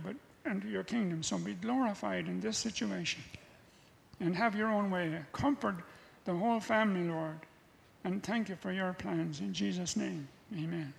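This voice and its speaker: A man's voice: high voice, normal speed, vocal fry. A man leading an earnest, fervent spoken prayer in church. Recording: long hall reverb.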